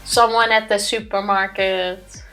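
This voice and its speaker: A woman's voice: mid-range voice, level tone, a little slow, pushed and bright, soft background music. A woman co-hosting a let's play stream, chatting casually and laughing easily as she tells a story about work. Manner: chatty, laughs easily while telling stories.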